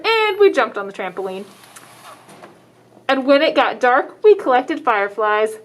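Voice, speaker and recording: A woman librarian reading a picture book aloud to children, dramatic in the exciting parts and stopping to ask the listeners questions. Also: sits high, measured pace, pauses often. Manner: expressive, dramatic exclamations, asks children questions.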